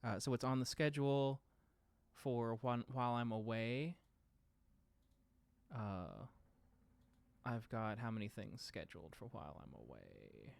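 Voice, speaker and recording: A man hosting a casual livestream from home, talking in a relaxed, rambling way with lots of filler sounds. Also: mid-range voice, unhurried, vocal fry, pauses often. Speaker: podcast host streaming live.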